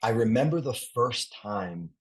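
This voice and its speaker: This former athlete speaks in a husky, mid-range voice at an unhurried pace while telling a story as an interview guest. His manner is laid-back and rambling, with casual swearing and plenty of false starts.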